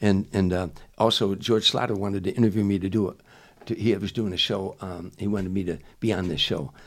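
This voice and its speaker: A man's voice: low-pitched, fairly even intonation, fairly quick. An older man from Chicago, a guest comedian telling a long story in a rambling way, full of restarts and "you know". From Chicago, USA. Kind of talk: casual storytelling.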